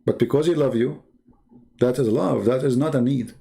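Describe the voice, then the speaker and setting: Brief: male debater, gravelly, mid-pitched, mocking and argumentative, non-native English phrasing. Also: moderate pace, dark tone. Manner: mocking rhetorical questions. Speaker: Christian debater.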